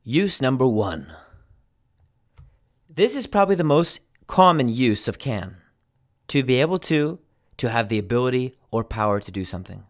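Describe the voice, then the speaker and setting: A man with an American accent, teaching English pronunciation slowly and repeating each example. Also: mid-range voice, sing-song. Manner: slow, deliberate, repeats examples. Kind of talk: pronunciation lesson.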